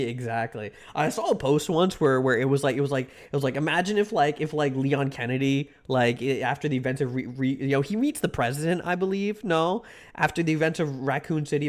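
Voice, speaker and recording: Rambling, excitable young male streamer. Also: mid-range voice. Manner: rambling, excitable, swears a lot, jokes to chat. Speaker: live streamer. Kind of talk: casual live-stream chat.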